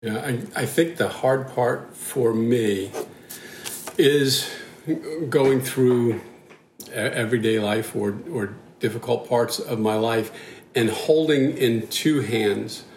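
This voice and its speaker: Church leader, man, halting thoughtful talk, roomy echo, faint hiss. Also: mid-range voice, darkish tone. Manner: halting, thoughtful, many restarts. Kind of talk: casual discussion.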